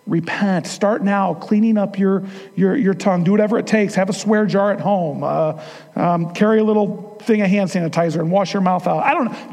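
A man's voice: sits high, a little mellow. A man preaching a sermon as pastor, earnest and at times emphatic, speaking in a church. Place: church sanctuary. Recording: long hall reverb.

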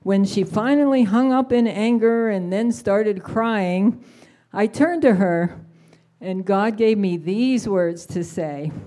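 A woman sharing a personal faith story in an earnest, measured way. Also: mid-range voice, dark tone. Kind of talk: personal testimony.

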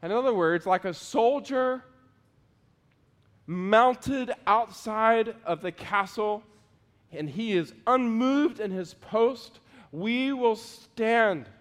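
A man preaching a sermon as pastor, earnest, moving between loud pleading prayers and quiet asides. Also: high voice, slow. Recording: long hall reverb.

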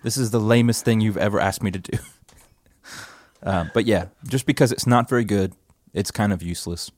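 A man hosting a casual podcast chat from a church office, laid-back and self-deprecating, often trailing off into quiet asides. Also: lowish voice, a little fast, no echo. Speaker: podcast host.

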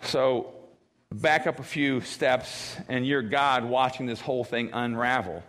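A pastor preaching a sermon, acting out quoted voices in a high wail and a grave low tone. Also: male voice, unhurried, a bit bright. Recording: long reverb of a church hall.

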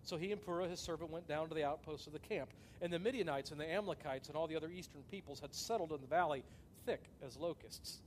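A man preaching a sermon, telling the story with lively acted-out quotes and big swings between loud and soft. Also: fairly high pitch, quick pace, a little hiss or hum. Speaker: pastor.

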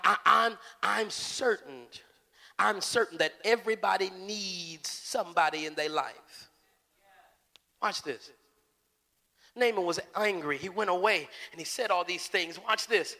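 A man preaching a fervent, animated sermon, repeating phrases for emphasis. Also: sits high, a little slow, creaky. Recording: long church reverb.

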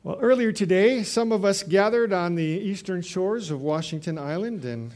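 High-voiced man preaching a sermon. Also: animated, moderate pace, darkish tone. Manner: retells scripture with acted quotes, frequent restarts. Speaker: pastor.

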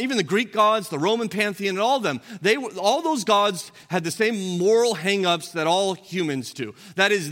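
A man preaching a sermon as pastor, earnest and direct, asking the listeners questions and swinging between loud emphasis and quiet, low delivery. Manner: earnest preaching with rhetorical questions, rising and dropping in force. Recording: long hall reverb.

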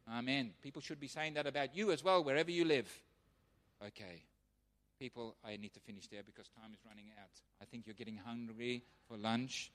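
A man preaching as a missionary pastor, telling his testimony as an animated storyteller who acts out the voices of others. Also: mid-range voice, a little fast. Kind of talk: sermon testimony. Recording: long hall reverb.

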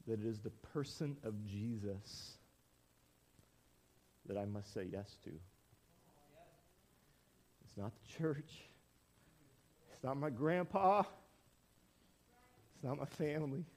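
Animated storytelling male pastor. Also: mid-range voice, slow pace, long pauses. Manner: animated storytelling, acts out quotes. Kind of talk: storytelling sermon.

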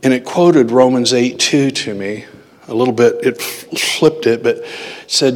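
Man preaching in an echoing hall. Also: mid-range voice. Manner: conversational, slows down to stress quoted words. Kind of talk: sermon testimony storytelling. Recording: long hall reverb.

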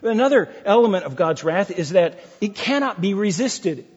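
Middle-aged pastor guy preaching, husky and a bit high, repeats himself for emphasis, echoey church, muffled lo-fi sound. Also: expressive, normal speed, a little mellow. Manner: emphatic, repeats key phrases, conversational asides to the congregation. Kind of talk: sermon. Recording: dull lo-fi sound with long hall reverb.

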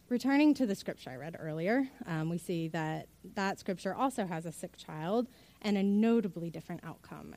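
A woman's voice: on the low side, darkish tone. Earnest woman chaplain preaching. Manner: earnest, emotional storytelling with many fillers. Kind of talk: sermon with personal story.

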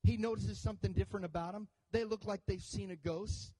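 A man's voice: high-pitched, a little fast, low-quality recording. A man preaching a sermon to his church, telling a story with jokes and calls for the congregation to answer. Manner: animated storytelling with jokes and audience call-outs. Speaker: pastor.

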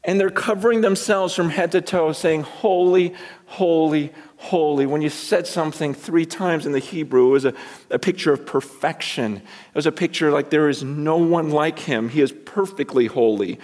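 Male pastor, fairly high voice, dramatic emphatic delivery with hushed asides, sermon in a reverberant church sanctuary. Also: normal speed. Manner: emphatic, swings between loud and hushed, repeats words. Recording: long reverb from a large hall.

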